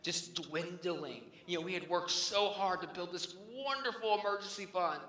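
A man in his thirties delivers a sermon in a bright, forceful voice pitched a little high. He is earnest, builds to emphatic peaks and then drops to hushed near-whispers. The sound is a roomy hall with a long reverb tail. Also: lively intonation, measured pace. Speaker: pastor.

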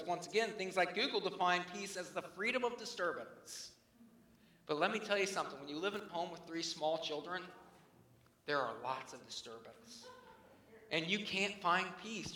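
A man in his thirties delivers a sermon in a bright, forceful voice pitched a little high. He is earnest, builds to emphatic peaks and then drops to hushed near-whispers. The sound is a roomy hall with a long reverb tail. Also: a little hiss or hum. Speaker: pastor.

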